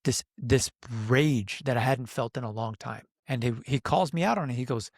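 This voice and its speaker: A man's voice: mid-range voice, a little fast, few pauses, no echo. Earnest man telling a story, dry sound. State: emotional. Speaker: podcast guest, men's coach. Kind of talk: casual podcast conversation.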